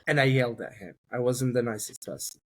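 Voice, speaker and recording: A man from London, an army reservist guest, telling personal stories in a fast, halting way, repeating words and rising sharply when emphatic. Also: mid-range voice, a bit bright. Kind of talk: emotional personal storytelling.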